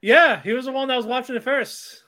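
A man with a high voice drops quick, laughing remarks into a casual chat. He mostly replies in a word or two. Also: sharp tone. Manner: short laughing interjections. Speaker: podcast co-host.

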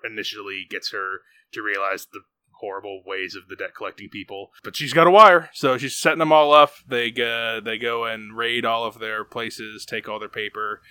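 A man hosting a casual movie podcast, recapping the plot in a rambling, animated way with many restarts. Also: fairly low pitch, moderate pace, smooth, no echo. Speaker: podcast host. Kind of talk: casual movie review chat.

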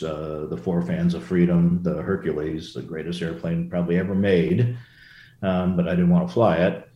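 In a low, dark voice, an older former Marine aviator recounts stories during a relaxed interview, wandering off into asides and frequently starting over. There's a roomy echo to the recording.

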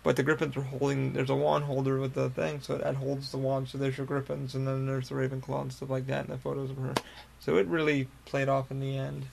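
A man's voice: medium pitch, monotone, brisk, vocal fry, darkish tone, slight background noise. A young man hosting a podcast, telling a long casual story in a rambling, profane way full of fillers and restarts. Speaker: podcast host.

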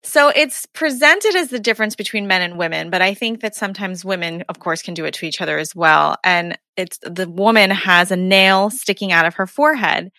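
Bright-voiced woman host, dry sound. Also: mid-range voice, fairly quick, hardly any pauses, no room sound. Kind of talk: casual conversation.

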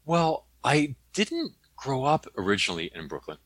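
A man telling stories as an interview guest, animated and tagging his points with "okay?". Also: mid-range voice, normal speed, no echo. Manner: animated, tags statements with "okay?". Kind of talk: conversational storytelling.

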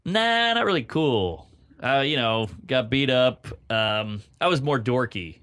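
Man, comedian guest, middle-aged, bright forceful tone, joking storyteller. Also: mid-range voice, expressive, clear, resonant tone. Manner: joking, storytelling with quick put-on voices. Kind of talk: casual podcast chat.

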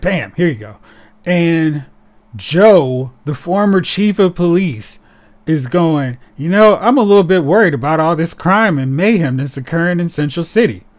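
Animated sarcastic man on a podcast. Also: fairly high pitch. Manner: animated, sarcastic, quick shifts into mocking voices. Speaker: podcast co-host. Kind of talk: casual chat.

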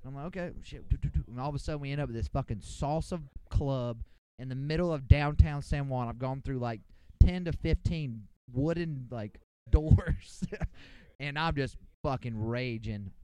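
Young male podcast co-host, smooth and resonant, dry close sound, loose profane storyteller. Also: mid-range voice, moderate pace, dark tone, no echo. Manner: rambling, profane, boisterous anecdote. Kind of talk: casual storytelling among friends.

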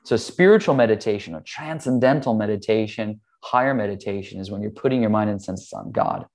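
Low-voiced man telling a personal story. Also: fairly quick. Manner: earnest, relaxed, with "like" and "um". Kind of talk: conversational storytelling.

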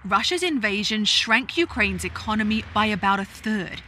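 Casting note: bright, crisp female TV correspondent, measured report, faint noise behind. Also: mid-range voice, animated. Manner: measured, formal. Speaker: news correspondent. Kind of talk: scripted news report.

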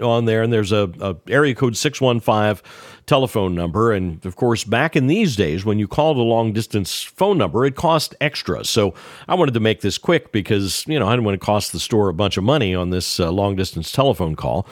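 A man with a lowish voice recounting an anecdote, moving along briskly and acting out the dialogue. The sound is close and dry, with no room around it. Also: no echo. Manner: lively anecdotal telling with voiced quotes. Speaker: banjo player sharing a memory. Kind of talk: storytelling.

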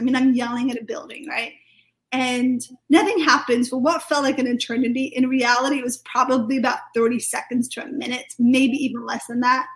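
A British woman, a podcast guest, telling a personal testimony in a chatty, lively way full of fillers. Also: a little high, low-quality recording. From United Kingdom.

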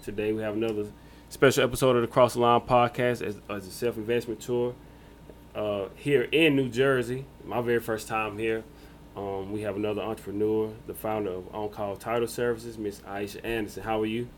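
Low-voiced man hosting a podcast. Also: a little fast, slight background noise, low-quality recording. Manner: relaxed and reassuring, loose with fillers. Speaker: podcast host. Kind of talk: casual interview.

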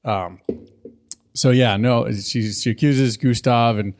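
A man's voice: lowish voice, steady tone, slow pace, darkish tone. Laid-back swearing podcast man. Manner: profane, laughing often. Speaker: podcast co-host. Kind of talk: casual chat.

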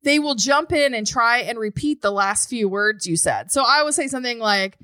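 A woman in her forties co-hosts a podcast from a remote call, talking in a casual, dramatic way full of exclamations and laughter. Her voice sits high and bright, with lively swoops in pitch. The sound is dry and close. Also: normal speed, no echo. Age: 40s. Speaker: podcast co-host. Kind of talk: casual chat.

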